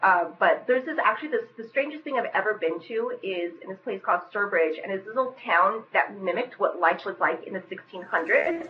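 A young woman from Western Massachusetts, a podcast guest chatting casually and quickly. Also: medium pitch, expressive, muffled recording, slight background noise.

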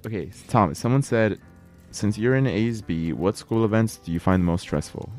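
Californian host, very low, dark voice, laid-back chatter peppered with "like". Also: male voice, moderate pace, faint music behind. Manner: relaxed, fills speech with "like". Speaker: podcast host. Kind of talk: casual chat.

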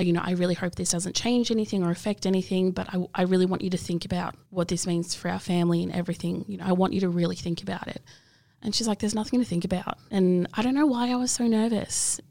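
A woman's voice: lowish voice, creaky, darkish tone, dry recording, studio quality. A young woman telling a personal story in an interview, earnest and open, with frequent fillers. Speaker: interview guest.

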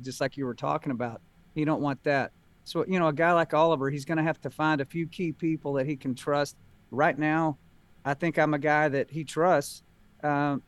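A man's voice: a little high, no room sound. A middle-aged man, a guest telling stories in a folksy, easygoing way on a talk show. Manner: folksy, drawling storyteller. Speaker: guest, country singer. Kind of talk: casual talk show chat.

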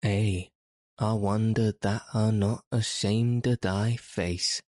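A man's voice: fairly low pitch, fairly even intonation, slow pace, a little mellow, no echo, studio quality. A man doing a playful Yorkshire girl. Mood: teasing. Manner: broad dialect, teasing and triumphant. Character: girl speaking broad Yorkshire dialect, playful. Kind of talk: storybook reading.

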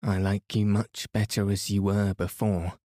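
A man's voice: fairly low pitch, flat delivery, unhurried, dark tone, no echo, clean studio sound, natural voice. A man voicing a polite, sensible older girl who speaks decidedly in a bedtime storybook reading.

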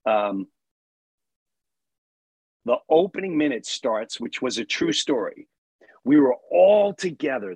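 A male podcast host, telling an animated story in casual conversation. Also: mid-range voice, creaky, husky, no room sound. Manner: animated, acts out voices in anecdotes, laughs often.

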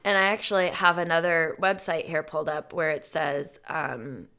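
A woman's voice: low-pitched, fairly even intonation, normal speed, gravelly, pushed and bright, clean tone. A woman co-hosting a podcast, chatting casually and laughing often as she passes on what a friend told her. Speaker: podcast co-host. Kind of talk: casual chat.

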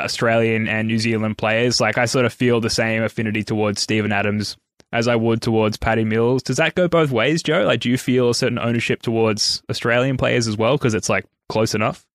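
A man's voice: mid-range voice, steady tone, brisk, fairly bright tone, no echo, studio quality. A man hosting a podcast in casual chat, steering the conversation and reading out news posts. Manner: leads the talk, reads out news posts. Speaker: podcast host.

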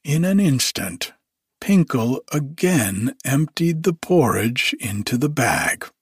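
A man reading a fairy tale aloud as a bedtime story, in an unhurried, expressive way. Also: mid-range voice, creaky, breathy edge, dry recording, clean studio sound.

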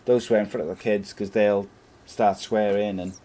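A man's voice: lowish voice, fairly even intonation, normal speed, mellow, a little hiss or hum. Guy in his forties, chatty co-host, rambles through stories, laughs a lot. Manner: rambling storyteller, laughs often. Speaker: podcast co-host. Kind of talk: casual chat.

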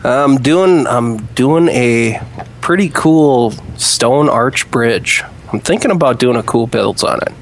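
An easygoing man chats over a call about his weekend in a relaxed, unhurried way. A faint hiss sits under his mid-range voice. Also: mid-range voice. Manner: laid-back, easygoing. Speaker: caller. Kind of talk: casual chat.

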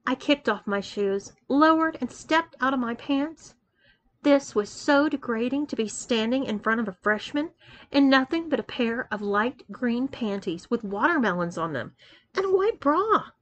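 A woman reads a first-person story aloud in an expressive way, weaving narration between the dialogue. Her voice sits a touch higher than most women's. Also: moderate pace. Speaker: story reader.

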